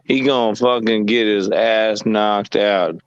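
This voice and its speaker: A man's voice: fairly low pitch, fairly even intonation, slow pace, lo-fi sound, a crowd in the background. A man trash-talking in brash, profane casual chat on a stream.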